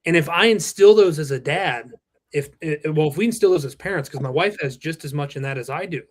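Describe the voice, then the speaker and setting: Man in his thirties, fairly high-pitched voice, earnest and reflective, casual interview chat, salty language now and then. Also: a little fast. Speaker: roofing company president, podcast guest.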